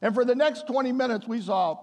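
A man's voice: very high-pitched, brisk. A man preaching a sermon as a pastor, telling a family story and then building to emphatic appeals. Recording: long hall reverb.

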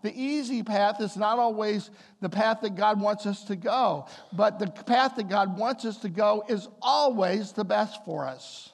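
A man with a high, gravelly voice preaches a sermon in a church. He moves between homely storytelling and emphatic, building appeals to the congregation. His voice rings out with a long hall reverb behind it. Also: a little slow, hardly any pauses. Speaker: pastor.

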